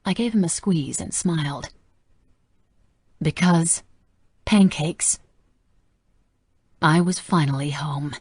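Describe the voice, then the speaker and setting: A woman narrating a romance audiobook softly and intimately. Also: low-pitched, slow, long pauses, husky, no room sound, clean studio sound. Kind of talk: scripted narration.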